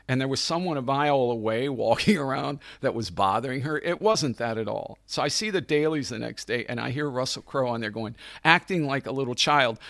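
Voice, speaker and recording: A man's voice: a little high, normal speed, no room sound. A middle-aged man, a film writer and director, telling stories in a casual interview with lots of laughter and acted-out voices. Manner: animated, acts out quoted people, laughs often. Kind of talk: casual anecdotal storytelling.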